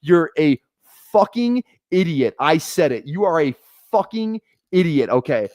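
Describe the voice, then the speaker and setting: A man's voice: a little high, very animated, measured pace, a little mellow, dry recording. A man streaming a fantasy football draft, ranting heatedly at his chat with lots of swearing and repeated phrases. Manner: heated, profane, repeats himself. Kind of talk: ranting live stream commentary.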